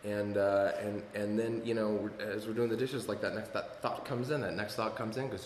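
A man's voice: on the low side, moderate pace, slight background noise. A man giving a personal testimony at a recovery meeting, storytelling in a rambling way with many fillers and wry humor. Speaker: speaker sharing his story at a recovery meeting. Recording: echoey hall with long reverb and faint ambience.

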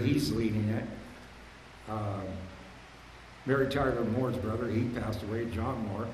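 An older man shares his recovery story at a meeting in a blunt, streetwise way. He rambles, circles back on phrases and suddenly gets louder on the punchlines. His voice rings out through a large, reverberant hall, with a faint hum of the room underneath. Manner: bursts louder and higher on punchlines.

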